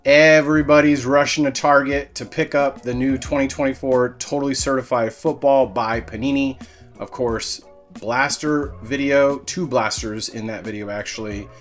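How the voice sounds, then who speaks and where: Male host, easygoing unboxing patter, average pitch, light music bed. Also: moderate pace. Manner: relaxed, rambling, with fillers and self-corrections. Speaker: card-breaking channel host. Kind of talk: casual unboxing vlog.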